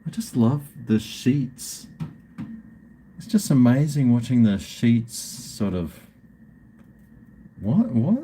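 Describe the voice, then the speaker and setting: A man's voice: medium pitch, very animated, slow, long pauses, dark tone, slight background noise. A middle-aged Australian man hosting a live stream, rambling and swearing in casual banter with his viewers.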